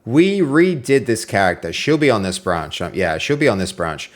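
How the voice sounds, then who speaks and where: A man's voice: fairly low pitch, big pitch swings, normal speed. A man streaming his game development live, thinking aloud with many "um" fillers and answering viewer chat.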